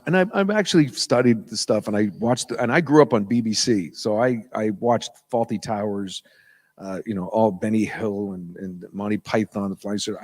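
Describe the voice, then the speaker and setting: An American man, a voice actor guest at a convention panel, telling lively stories and slipping into voices in an auditorium. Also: fairly low pitch. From United States. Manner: animated storyteller, slips into voices and impressions.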